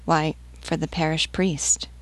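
A woman's voice: low-pitched, little pitch movement, unhurried, no room sound. A woman voicing a frightened peasant mother who gives short, hesitant answers. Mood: fearful.

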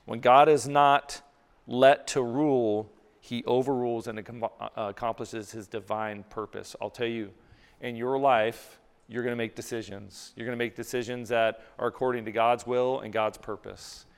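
A man's voice: mid-range voice, steady tone, normal speed, smooth. A man preaching a sermon as pastor, earnest, often repeating words as he builds a point. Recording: long hall reverb.

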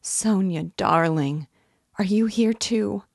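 A woman voicing a proud, desperate dying mother who rambles in delirium with a hoarse, gasping voice, her cries rising. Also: deep voice, slow pace, no room sound, studio quality, heavily acted. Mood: anguished. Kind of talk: audiobook character reading.

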